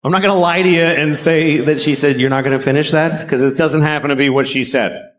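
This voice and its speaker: A man's voice: on the high side, steady tone, fairly quick, fairly bright tone. A man doing a stand-up comedy routine, profane and sardonic, with rambling rants.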